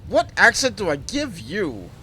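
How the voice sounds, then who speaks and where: A man giving casual, animated commentary while playing a building game. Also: high voice, measured pace, a little hiss or hum. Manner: animated, jumps between exclamations and mutters. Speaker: let's play streamer.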